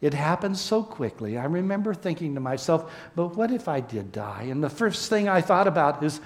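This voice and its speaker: A man preaching a sermon to his congregation as a pastor, speaking earnestly and with deep emotion, and closing with a prayer. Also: animated. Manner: earnest, emotional, slow and heartfelt, addressing the congregation.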